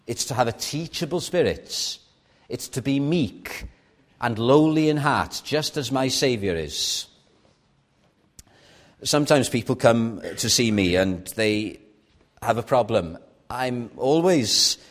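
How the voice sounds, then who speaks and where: A man preaching a sermon in an earnest, personal way, sometimes dropping soft and sometimes lifting his stress. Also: medium pitch.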